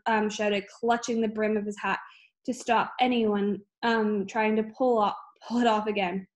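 A woman reading a children's book aloud at an unhurried pace, with frequent small slips and restarts. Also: medium pitch, little pitch movement. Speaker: reader.

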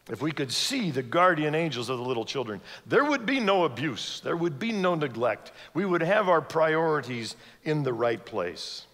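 A guest speaker preaches a sermon in a large church sanctuary, telling a story and acting out its characters' voices, with long hall reverb. His fairly high, slightly bright voice is very animated, at normal speed with hardly any pauses.

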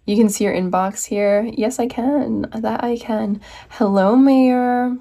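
Brief: young American woman, bubbly livestream host, mid-pitched voice, chats with her viewers. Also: fairly even intonation, measured pace, vocal fry, dark tone. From United States. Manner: bubbly, reads viewer comments aloud and answers them. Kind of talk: casual livestream chat.

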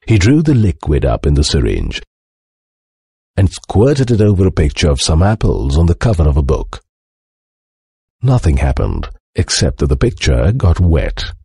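A man reading a children's storybook aloud with animated, expressive narration. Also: a bass voice, normal speed, vocal fry, breathy edge, no echo, clean studio sound. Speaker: storybook reader.

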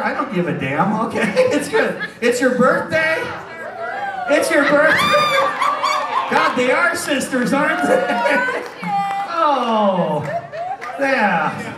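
Brash stage hypnotist, man, high voice, roomy hall, crowd laughing throughout. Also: recorded from a distance. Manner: brash, teasing, loud crowd banter. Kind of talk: live stage comedy show. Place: casino showroom stage. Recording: roomy hall recorded from afar, audience. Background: audience laughing.

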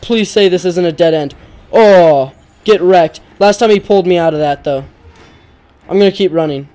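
A man's voice: sits high, normal speed, mellow. A young man commenting on a horror game as he plays it, often panicking, yelping and repeating himself when scared. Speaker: gamer.

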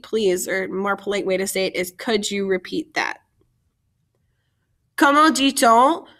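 A woman's voice: on the high side, a bit bright. A woman French teacher giving a vocabulary lesson, carefully modeling each French phrase and then explaining it in English.

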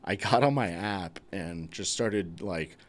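A man's voice: deep voice, slow pace. A man hosting a casual chat over beer, telling stories in a laid-back way and chuckling often. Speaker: podcast host.

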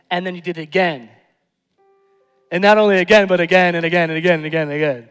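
A male pastor preaching a sermon, moving between hushed, tender lines and loud, emphatic ones. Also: high-pitched, fairly even intonation, fast, pauses often, clean tone, big-room sound, soft background music. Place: church sanctuary.

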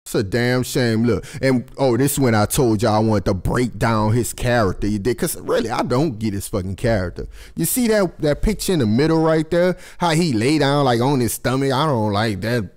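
A fired-up young man talking straight to his viewers in a loose, profane vlog rant. His voice sits mid-range but shoots up high whenever he hits a point hard. He keeps checking in with his audience as he goes. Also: normal speed, few pauses. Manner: animated, swears constantly, jumps high in pitch for emphasis. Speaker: vlogger host. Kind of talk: casual profane commentary to camera.

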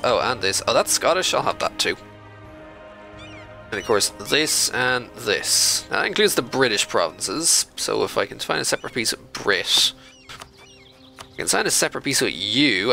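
Here a man hosting a let's-play talks casually through a strategy video game, pretending to be outraged at the computer players. His lowish voice has vocal fry and a bright, forceful edge, captured in a low-quality recording.

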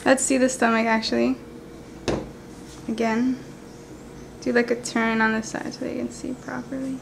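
A woman's voice: a little high, level tone, normal speed, creaky, background noise. A woman chatting playfully from behind the camera, giggling and directing the shot. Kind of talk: casual chat.

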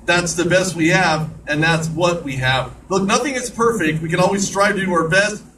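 A man's voice: sits high, moderate pace, sharp tone. A man hosting an online radio show, talking in a chatty monologue with joking asides. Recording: distant mic with clear background noise.

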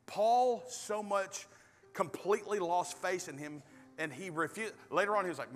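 A man preaching a sermon as pastor, animated, swinging between loud bursts and hushed storytelling. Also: sits high, moderate pace. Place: large church hall. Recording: reverberant hall with soft music.

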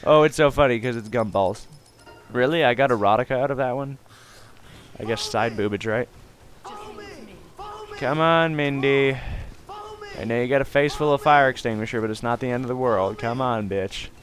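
A young man giving joking let's play commentary, swearing often and bursting into shouts. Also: medium pitch, a little fast. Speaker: gamer.

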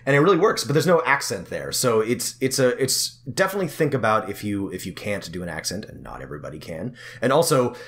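Man, lowish voice, podcast co-host, casual chat, laughs a lot, restarts sentences. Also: sing-song, fast talker, few pauses, fairly bright tone. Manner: chatty, laughs often, many restarts.

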